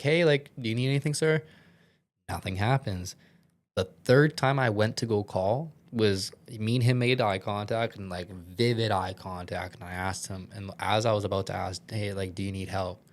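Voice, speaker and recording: A young man with a fairly low voice talks as a podcast guest. He tells his story casually, rambling through filler words and the odd curse. He sounds earnest and shaken throughout. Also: fairly even intonation, moderate pace. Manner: rambling, heavy use of filler words and swearing.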